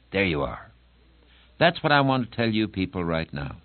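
A man preaching a sermon in an earnest, emphatic way, slowing down to press home key words. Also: deep voice, sing-song, no echo. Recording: dry, tinny phone-like old recording.

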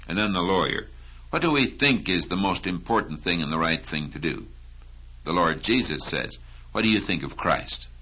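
A man preaching a sermon, teaching slowly from a Bible passage and rising to emphatic questions. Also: low voice, lively intonation, bright, forceful tone, slightly rough, rough recording.

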